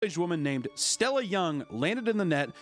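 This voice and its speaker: A man's voice: high-pitched, sing-song, normal speed, faint music behind. A man narrating a comedic list video, reading facts with jokey asides and swearing.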